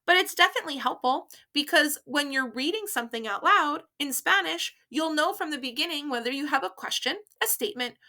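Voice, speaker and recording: A woman with a high, bright voice gives a beginner Spanish lesson. She talks patiently and carefully, saying each phrase slowly for learners to repeat. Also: vocal fry. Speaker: Spanish teacher. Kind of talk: slow, clear language lesson with repeat-after-me drills.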